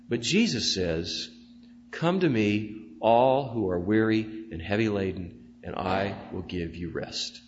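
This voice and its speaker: A man preaching a sermon as pastor, rising to loud emphatic declarations and dropping to soft prayerful tones. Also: on the low side, expressive, takes it slowly. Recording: dull sound with long church reverb and faint hum.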